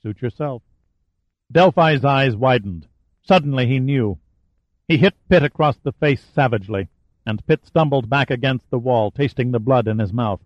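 A man narrating a thriller audiobook in an even, measured voice. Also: mid-range voice, dry recording, muffled recording. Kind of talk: scripted narration.

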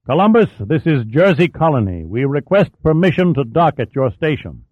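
A man voicing a composed male lunar colony leader who speaks in a steady, matter-of-fact way. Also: on the high side, moderate pace, dry recording, pitched above the performer's own voice. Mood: calm. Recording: dry, thin phone-like audio.

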